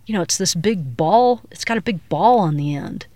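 A middle-aged woman from Colorado recounting her past as an interviewee, a lively storyteller who acts out the voices she quotes. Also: lowish voice, moderate pace, no room sound.

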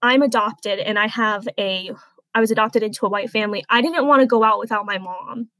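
A woman in her twenties, a guest in an interview, recounts a personal experience earnestly and haltingly, growing softly emotional. Her voice is mid-range. The recording is rough, with no echo.

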